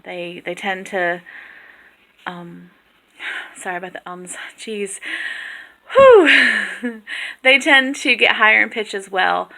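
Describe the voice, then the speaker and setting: A woman's voice: mid-range voice, pushed and bright, rough recording. A woman giving an informal class presentation on a dialect, chatty and full of ums and self-corrections. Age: adult with a young daughter.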